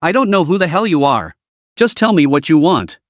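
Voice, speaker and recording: A man's voice: on the high side, big pitch swings, normal speed, no echo, studio quality. A man doing a snapping, impatient giant warrior. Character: hot-tempered giant male warrior.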